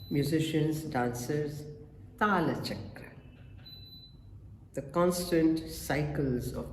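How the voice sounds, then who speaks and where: A man giving a webinar lecture on rhythm in music and dance, counting beats aloud and pausing often. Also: fairly high pitch, darkish tone. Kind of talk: slow spoken lecture. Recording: echoey room, faint background noise.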